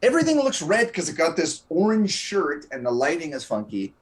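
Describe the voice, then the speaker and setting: A male guest with a mid-range voice that swings up and down a lot. He rambles through his thoughts in relaxed chat. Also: fairly high pitch, fairly quick. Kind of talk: casual chat.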